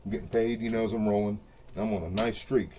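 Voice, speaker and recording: A man's voice: on the low side, flat delivery, quick pace, noisy background. A middle-aged man hosting a craps video, ranting casually and profanely to camera in his home studio, boastful and fired up and leaning on "you know what I mean". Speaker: craps dice-control video host. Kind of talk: casual unscripted rant to camera. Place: home studio set up for dice rolling.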